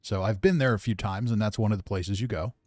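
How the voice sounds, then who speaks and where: Grumpy low-voiced gaming streamer man. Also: fast, darkish tone, no room sound. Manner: grumpy, offhand, reads chat aloud. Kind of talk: casual gameplay commentary.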